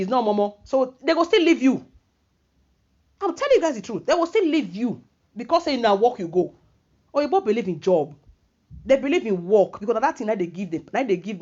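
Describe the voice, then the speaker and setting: Fast-talking Nigerian woman giving advice. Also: mid-range voice, a little mellow, breathy edge. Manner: earnest, lecturing, mixes pidgin and English. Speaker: vlogger. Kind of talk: casual advice monologue. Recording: dull lo-fi recording.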